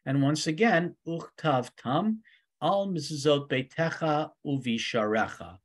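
A rabbi teaching a weekly Torah study class, reading Hebrew verses aloud and translating each one with many ums and uhs. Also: male voice, on the high side, lively intonation, a little slow.

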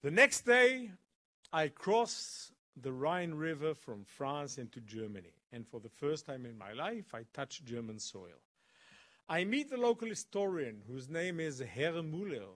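Animated storytelling man. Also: on the high side. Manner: dramatic, swinging storytelling with pauses. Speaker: guest speaker. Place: college event.

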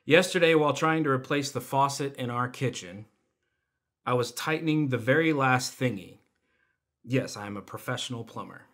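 Man, young adult, church testimony, self-deprecating humor, mid pitch. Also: moderate pace, a bit bright. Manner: self-deprecating storytelling with laughs. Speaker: church volunteer speaker. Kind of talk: personal testimony sermon.

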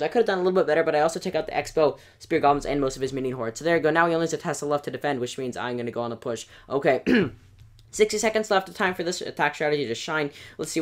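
Brief: quick-paced gameplay commentator, middle pitch, excitable play-by-play with sudden yelps, voice wearing hoarse. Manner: excitable play-by-play, rising to yelps at big moments. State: voice going hoarse. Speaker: gaming channel host. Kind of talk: gameplay commentary over battle replays.

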